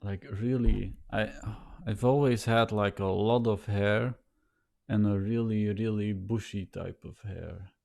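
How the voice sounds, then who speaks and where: A man rambling to a camera set a little way off, thinking aloud in a halting, self-conscious way, with a nasal voice and many repeated words and restarts. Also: on the low side, steady tone, creaky, darkish tone. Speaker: vlogger. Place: sitting in front of a camera.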